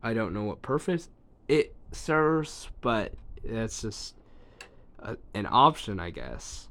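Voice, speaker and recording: A man's voice: fairly low pitch, very animated, slow pace, a bit bright. A man casually demonstrating an old gadget, thinking aloud with ums and trailing asides, recorded on a phone. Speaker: tech reviewer demonstrating a device. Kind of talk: casual hands-on demo.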